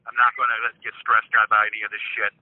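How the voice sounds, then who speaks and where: A man's voice: fairly low pitch, little pitch movement, quick pace, dry recording. An older man on a phone call, profane and suspicious, stammering as he vows to find out who is pranking him. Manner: suspicious and defiant, rising in anger. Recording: dry tinny phone line.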